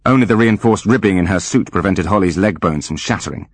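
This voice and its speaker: A man narrating an audiobook with wry, animated storytelling. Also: low-pitched, quick pace, slightly rough, dry recording. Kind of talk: scripted narration.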